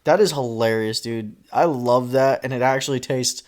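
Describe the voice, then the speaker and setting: A man's voice: medium pitch, moderate pace, a little mellow. A man co-hosting a casual podcast, teasing his friend, rambling through stories and swearing freely. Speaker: podcast co-host. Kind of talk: casual chat.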